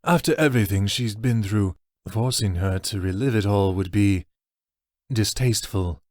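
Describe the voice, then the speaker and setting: A man voicing a weary male orc host who talks slowly and sighs, with a low voice. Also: darkish tone, no echo, clean studio sound, close to an everyday voice. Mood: cautious.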